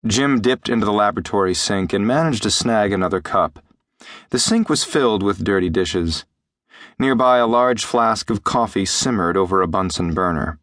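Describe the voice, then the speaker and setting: A man narrating a science fiction audiobook in a steady, measured way. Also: on the low side, dry recording, studio quality. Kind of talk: scripted narration. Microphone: close studio mic.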